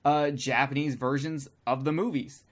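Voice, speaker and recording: A man hosting a casual podcast, talking at a middle pitch. He rambles through restarts and drops crude jokes as he chats with friends. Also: steady tone, moderate pace. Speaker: podcast co-host.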